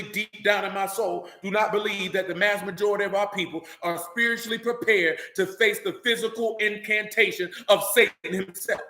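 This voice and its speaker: A man's voice: high-pitched, bright, forceful tone, echoey room. A man preaching a fiery sermon in blunt, profane street talk, hammering his points with repeated lines.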